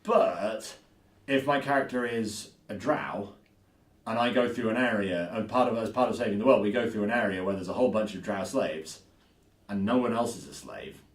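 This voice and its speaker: In this casual podcast chat, a male co-host thinks out loud and tends to repeat himself. He speaks at a moderate pace with a fairly low pitch, and the far-off mic catches the echo of the room.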